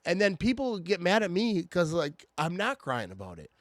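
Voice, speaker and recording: High-voiced man ranting irritably. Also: huge pitch swings, moderate pace, dry recording. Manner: irritated, restarts and stammers often. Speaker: sports fan vlogger. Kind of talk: casual fan rant.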